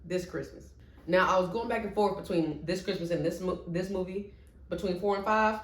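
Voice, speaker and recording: A woman vlogger ranking her favorite movies in casual chat, expressive, with playful asides. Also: on the low side, normal speed. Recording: echoey room.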